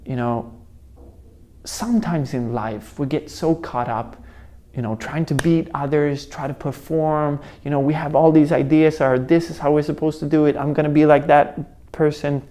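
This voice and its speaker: A man's voice: on the high side, steady tone, moderate pace, mellow. A young man telling a personal story in a motivational talk, acting out voices and sounds as he goes. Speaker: motivational speaker.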